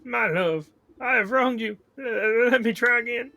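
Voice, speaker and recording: A man's voice: high voice, big pitch swings, normal speed, creaky, sharp tone, husky, voice pushed up, heavily acted. A man doing a fawning Kermit-like beekeeper. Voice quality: Kermit-like with a twangy southern lilt. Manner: pleading, fawning. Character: lovesick, hapless male beekeeper.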